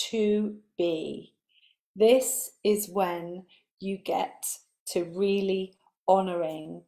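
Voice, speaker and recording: Speaking in a mid-range voice, a woman spiritual coach delivers a live motivational talk with earnest conviction. She stacks her points in repeated lists and lets her voice drop soft and breathy on the key words.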